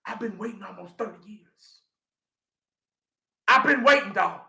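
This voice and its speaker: A man's voice: sits high, measured pace, gravelly, bright, forceful tone, reverberant. A man in his forties, a sports fan vlogger ranting through a live reaction, swearing freely and repeating himself for emphasis.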